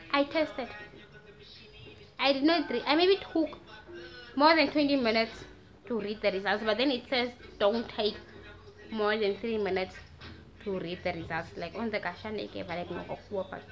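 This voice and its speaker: A nineteen-year-old woman from Namibia with a Namibian accent, telling a story in a casual, animated vlog and slipping into Afrikaans slang. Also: medium pitch, normal speed, pauses often. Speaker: vlogger. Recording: dull lo-fi sound with faint music.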